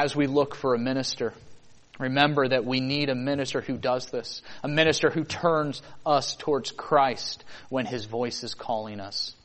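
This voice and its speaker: A man preaching a sermon, earnest and full of rhetorical questions, building to emphatic peaks. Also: medium pitch.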